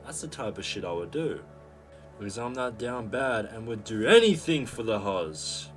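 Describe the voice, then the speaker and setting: A man's voice: on the low side, big pitch swings, normal speed. A young man telling a rambling, profane story as a vlogger, with mock stammers for comic effect. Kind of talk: casual storytelling monologue. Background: background music.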